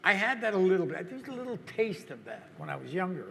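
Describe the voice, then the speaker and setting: Older male guest, gravelly and bright, fairly high, halting and reflective, reverberant hall. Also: very animated, slight background noise. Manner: halting, repeats words while searching for thoughts. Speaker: interview guest. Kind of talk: reflective conversation.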